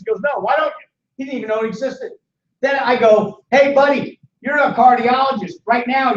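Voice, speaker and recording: Animated older man pitching from afar. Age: 60s. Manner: animated, joking, fires questions at the audience. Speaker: financial seminar presenter. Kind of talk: lively sales seminar talk. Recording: echoey dull room sound from far off.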